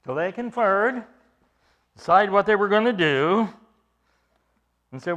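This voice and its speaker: Male preacher, high voice, sweeping and lively intonation, emphatic expository sermon. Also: moderate pace, long pauses. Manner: emphatic, explains scripture verse by verse.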